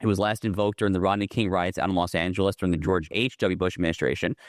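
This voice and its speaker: A man speaks as a guest in a political interview, pressing his case with emphatic, fluent argument. His voice sits a little low, and the sound is dry and close with no room around it. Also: fairly even intonation, very fast, no room sound. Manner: emphatic, fluent argument with frequent self-repeats. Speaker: guest, lawyer and commentator.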